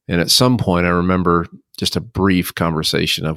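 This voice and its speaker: A middle-aged man hosting a podcast, telling a personal story in a halting, emotional way with many restarts. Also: sits low, flat delivery, fairly bright tone, no echo, studio quality. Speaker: podcast host.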